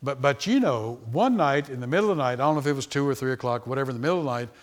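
A man in his sixties preaching a sermon, telling stories that start low and soft and build to loud, high, animated peaks. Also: very fast. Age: 60s. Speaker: pastor. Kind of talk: sermon storytelling.

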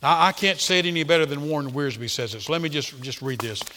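A man's voice: fairly high pitch, fast talker, sharp tone, a little hiss or hum. A man preaching a sermon, reading and explaining a passage, often repeating words as he starts a thought. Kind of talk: expository sermon.

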